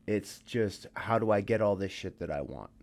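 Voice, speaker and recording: A tired man co-hosts a casual podcast chat in a fairly low, expressive, slightly mellow voice at a normal pace. He swears freely and keeps dropping "dude" and "like" into his talk.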